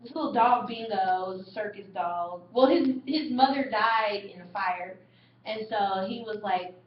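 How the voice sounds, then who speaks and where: A woman's voice: mid-range voice, measured pace, a little hiss or hum. A young woman and mother retelling movie scenes in casual webcam chat, laughing often. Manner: animated storyteller, laughs often. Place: indoor room. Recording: echoey, distant, dull webcam audio.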